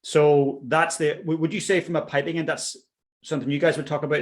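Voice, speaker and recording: A man's voice: on the high side, flat delivery, brisk. Enthusiastic man teaching band drumming. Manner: enthusiastic, affirming. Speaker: pipe band drumming instructor. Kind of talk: instructional conversation.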